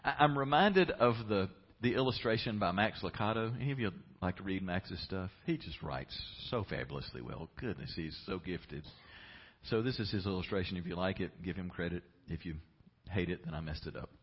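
A man's voice: sits low, fairly quick, husky, muffled recording. A man preaching a sermon as pastor, telling a story and building to passionate emphasis.

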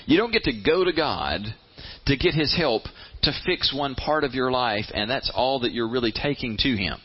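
A man's voice: mid-range voice, lively intonation, normal speed, slightly rough. A man preaching a conversational sermon in a plain-spoken way, often repeating words as he goes and acting out people's inner voices. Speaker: pastor. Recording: slightly muffled, lo-fi.

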